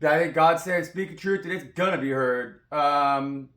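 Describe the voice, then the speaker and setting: A man's voice: fairly high pitch, moderate pace, sharp tone. A man giving a rambling, profane spiritual monologue as a tarot reader, preachy in tone. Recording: roomy echoey sound.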